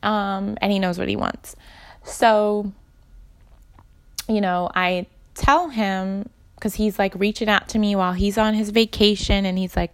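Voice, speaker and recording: A woman telling a personal dating story to her viewers in a chatty, animated way, acting out what others said. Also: medium pitch, a little slow, clean tone, no room sound. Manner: chatty, animated, quoting others with lively voices. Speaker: vlogger.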